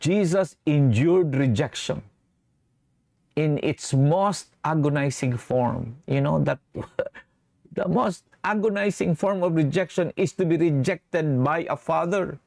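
A man's voice: on the high side, takes it slowly, gravelly, darkish tone, dry recording, studio quality. Man preaching, mixing English and Tagalog. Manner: switches between English and Tagalog mid-sentence; asks the congregation for assent with "okay?". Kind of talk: sermon.

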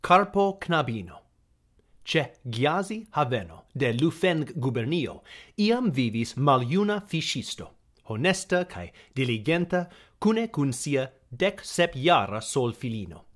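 A man reading a folk tale aloud in an expressive storytelling manner. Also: mid-range voice, a little slow.

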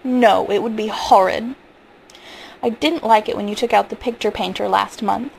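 A woman's voice: medium pitch, normal speed, creaky, slight background noise, natural voice, rough recording. A woman reading as a cold, defiant boy. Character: sullen, spoiled young boy.

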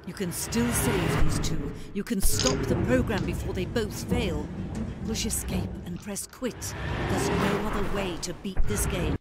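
An actress voicing a calm, solemn female narrator in a video game who speaks slowly and earnestly. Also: mid-range voice, over loud music, close to an everyday voice. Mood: pleading.

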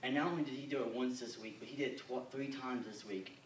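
A young man giving an earnest, halting church testimony full of fillers. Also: medium pitch, slight background noise. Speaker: youth camper giving a testimony. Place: church or camp meeting hall. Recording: echoey hall, mic at a distance.

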